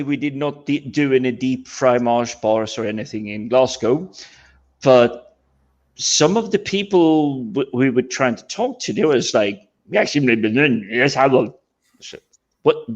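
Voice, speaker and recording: A man from Scandinavia chatting casually on a panel, animated and stumbling over his words as he tells anecdotes. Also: mid-range voice, slow pace. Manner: animated, stammering restarts, laughs while talking. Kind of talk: casual chat. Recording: dull lo-fi audio.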